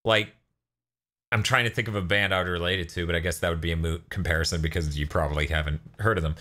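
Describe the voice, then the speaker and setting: Guy cohosting a gaming podcast, bright voice, gets animated and laughs a lot. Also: sits low, quick pace. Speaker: podcast co-host. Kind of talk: casual gaming podcast chat.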